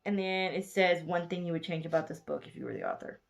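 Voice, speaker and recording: A woman in her twenties with a Southern US accent gives a casual book review vlog. She sounds sleepy from being up late and rambles along in a fairly low voice, stopping to correct herself and gushing over what she loved. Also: fast, creaky. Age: 20s. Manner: rambling, chatty, gushing, with frequent self-corrections. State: sleepy, yawning late at night.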